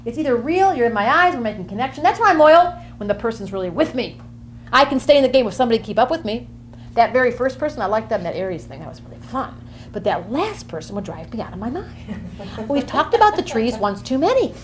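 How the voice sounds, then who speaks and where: A woman's voice: a little high, sing-song, fast talker, a little hiss or hum. A woman acting out a bubbly, quirky Gemini woman who jumps from topic to topic in a comic monologue. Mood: chatty. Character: chatty flighty Gemini woman, easily bored.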